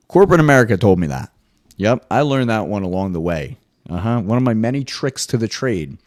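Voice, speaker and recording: Animated swearing man on a podcast. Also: fairly quick, no echo, clean studio sound. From US East Coast. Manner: animated, swearing, jumps into high mock voices. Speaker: podcast host. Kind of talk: casual solo monologue.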